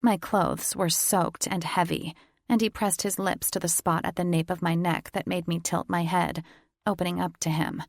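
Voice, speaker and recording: A woman's voice: fairly low pitch, little pitch movement, moderate pace, gravelly, dry recording, studio quality. A woman narrating a first-person romance audiobook in an intimate, teasing reading.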